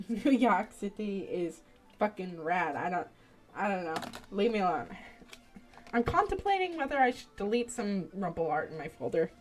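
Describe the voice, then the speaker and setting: A woman's voice: fairly high pitch, warm tone. A woman streamer chatting casually on a live stream, rambling, swearing freely and laughing often.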